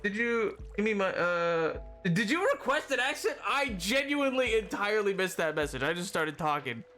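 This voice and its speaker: A man streaming live, chatting casually in a rambling, excitable way full of fillers and restarts. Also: sits high, normal speed.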